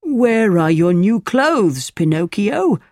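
A woman voicing a kind, puzzled old woodcarver father in a children's storybook reading, asking gentle questions. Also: mid-range voice, big pitch swings, takes it slowly, no room sound, clean studio sound, pitched above the performer's own voice. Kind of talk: storybook character voice.

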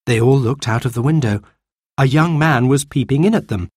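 A man reading a children's storybook aloud in a slow, lively narration. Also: medium pitch, husky, dry recording, studio quality.

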